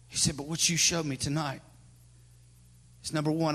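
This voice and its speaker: A male pastor delivers an impassioned sermon in a somewhat high voice. He surges into loud declarations, then drops to hushed, intimate moments. Long reverb trails behind him from the church hall. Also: flat delivery, normal speed, long pauses.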